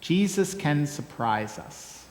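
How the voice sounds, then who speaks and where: A man preaching a sermon as pastor, measured and earnest, gently reflective. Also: fairly high pitch, lively intonation. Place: church sanctuary. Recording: echoey church hall with long reverb.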